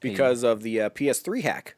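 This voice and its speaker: Mid-pitched male co-host, laid-back, dry close mic. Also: lively intonation, fairly quick, a little mellow, no room sound. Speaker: podcast co-host. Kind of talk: casual chat.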